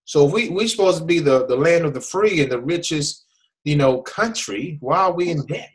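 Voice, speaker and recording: A man's voice: on the high side, expressive, normal speed, rough recording. An American man hosting an online hangout, explaining with frequent restarts and repeated "okay?" checks. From USA. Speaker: host. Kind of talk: casual hangout presentation.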